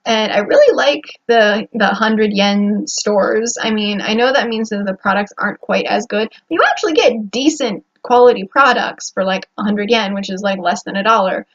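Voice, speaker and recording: A young American woman vlogs to the camera from a room at home, rambling casually about her days with fillers and restarts. Her mid-range voice moves at normal speed with hardly any pauses, on slightly dull lo-fi audio.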